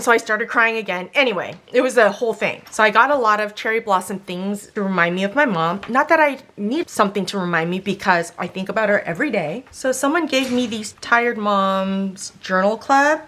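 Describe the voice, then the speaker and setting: A middle-aged woman talking through a stationery haul in a casual, chatty way that turns emotional and excitable. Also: medium pitch. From Korean. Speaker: stationery vlogger. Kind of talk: casual show-and-tell haul.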